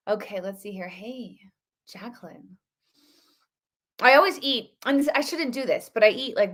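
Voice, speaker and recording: A woman's voice: fairly high pitch, a bit bright. Chatty woman hosting a live stream. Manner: chatty and rambling, greets viewers by name. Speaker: livestream show host. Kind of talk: casual live-stream chat.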